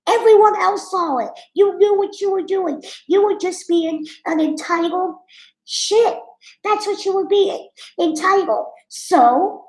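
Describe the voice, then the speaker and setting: A woman's voice: very high voice, a little slow, a little mellow, reverberant, poor audio. A woman streamer telling a story and reading viewer comments in a blunt, sassy, candid way. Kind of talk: casual livestream storytelling.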